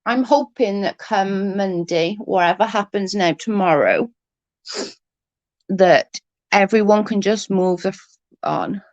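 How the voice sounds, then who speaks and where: A woman with a cold, hoarse and husky, chatting casually on a livestream and answering viewers' comments. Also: mid-range voice, takes it slowly, no echo, lo-fi sound. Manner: blunt, swears freely, vents about double standards. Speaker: livestream host. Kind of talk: casual live chat reading comments.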